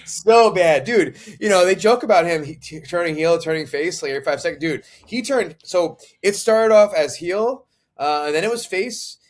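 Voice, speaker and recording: A young man spins a story for his co-hosts on a casual podcast. His voice sits fairly high and swings up and down as he acts out every turn, and he mimics the people he quotes. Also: expressive, moderate pace. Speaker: podcast co-host, Macho Man impersonator.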